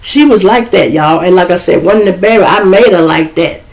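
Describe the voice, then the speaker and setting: A middle-aged Chicago man with a gravelly edge to his voice spins a rambling, profane story. He keeps it casual and conversational, and he jumps his pitch way up to play the other people in it. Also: moderate pace. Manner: profane, animated, acts out quoted voices with big pitch jumps. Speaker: show host telling a personal story.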